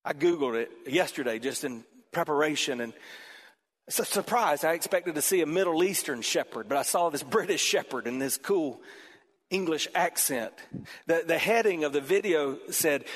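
A man preaching a sermon in a church auditorium, animated, swinging between loud emphasis and quiet passages. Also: on the high side, normal speed. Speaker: pastor. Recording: long reverb from a large hall.

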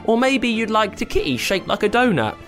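A man doing a breezy, high-voiced princess. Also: a little fast, gravelly, fairly bright tone, soft background music. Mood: chirpy. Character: young princess, breezy and evasive.

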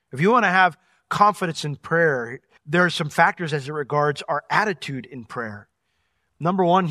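A man preaches with lively energy, slipping into character voices as he retells his story. His voice sits high and bright. The recording is dry, with no room echo. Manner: animated, acts out voices. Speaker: pastor. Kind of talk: sermon.

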